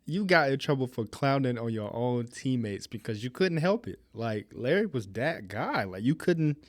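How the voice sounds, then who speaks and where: A man's voice: mid-range voice, very animated, moderate pace, no echo. A man hosting a reaction video, commenting casually with laughs and exclamations.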